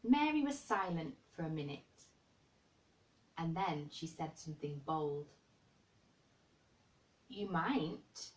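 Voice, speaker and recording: A woman reading a children's novel aloud in a gentle storybook manner. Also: deep voice, very animated, unhurried, far from the mic, rough recording.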